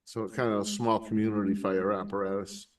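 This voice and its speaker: A man's voice: lowish voice, little pitch movement, a little fast, recorded from a distance. A man, rambling through a story among friends, swearing and laughing often. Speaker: podcast host. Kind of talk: casual stoner chat with friends.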